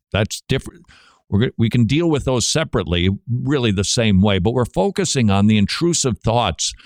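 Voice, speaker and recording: A man's voice: mid-range voice, no room sound, clean studio sound. A man hosting a christian radio talk show, preaching emphatically and asking rhetorical questions he answers himself. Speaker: radio host.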